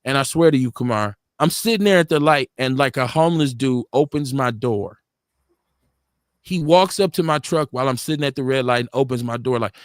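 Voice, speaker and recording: On a casual live-stream talk show, a middle-aged radio host from Milwaukee tells street stories full of profane, blunt slang. His voice is on the high side and brisk. The studio-quality recording has no room sound.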